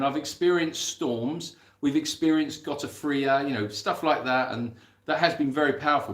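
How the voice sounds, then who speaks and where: Brief: English man, mid-pitched, rambling live-chat host, roomy echo. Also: a bit bright. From England. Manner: chatty, rambling, laughs at himself. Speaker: animal sanctuary host reading live chat.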